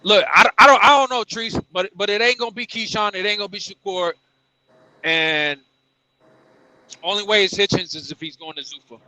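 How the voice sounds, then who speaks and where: A man's voice: high-pitched, moderate pace, sharp tone, no echo, rough recording. A man on a boxing panel, chatting casually and stammering, repeating words as he builds his points.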